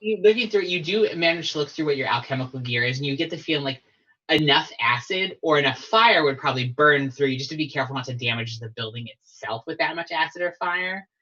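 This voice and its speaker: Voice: mid-range voice, animated, quick pace, bright, forceful tone. A game master narrating a tabletop game in a descriptive, easygoing way. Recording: slightly dull lo-fi audio.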